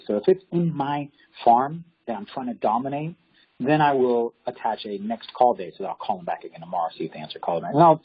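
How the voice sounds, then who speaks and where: A man, a real estate agent, chatting casually in an interview and telling animated stories. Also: medium pitch, husky. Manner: animated, acts out quoted voices. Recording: dull lo-fi audio.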